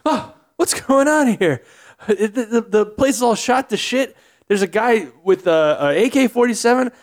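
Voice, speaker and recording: A man's voice: very high-pitched, lively intonation, normal speed, pitched above the performer's own voice. Guy doing a freaked-out shopper dude, flustered babbling, everyday voice, comedy bit. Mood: panicked. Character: panicky young male mall shopper caught in chaos.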